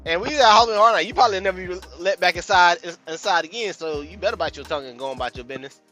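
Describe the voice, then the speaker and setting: A man hosting a casual podcast chat, telling a profane, animated story with loud outbursts. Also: sits high, racing, soft background music. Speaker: podcast host.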